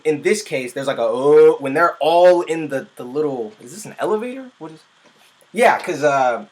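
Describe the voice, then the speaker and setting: A music producer, a man with a fairly high voice, reacts casually to a music video. He's excitable and rambling, often cutting himself off mid-sentence.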